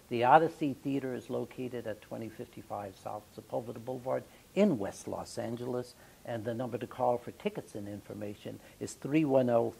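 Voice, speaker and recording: A male theater-show host with a gravelly, husky voice. His tone is dark and mellow, and he introduces the scene in a measured, informational way. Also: mid-range voice, rough recording.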